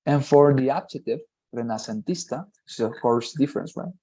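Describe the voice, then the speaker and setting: A native Spanish speaker teaches English grammar online, explaining it one step at a time and repeatedly asking "right?" to check understanding. His voice is mid-range, dark and mellow with a breathy edge, and he talks fairly quickly.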